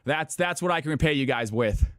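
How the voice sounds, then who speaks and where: A man hosting a live stream of viewer games, hyping up his chat with excitable shouting and cheering. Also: a little high, a little fast, clear, resonant tone, no room sound, studio quality. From California. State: out of breath. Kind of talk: live-stream hype commentary.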